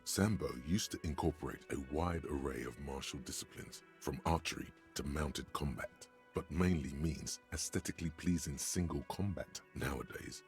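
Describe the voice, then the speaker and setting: A man voicing a wry, measured narrator inside a video game. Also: extremely low pitch, faint music behind. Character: wry male narrator inner voice.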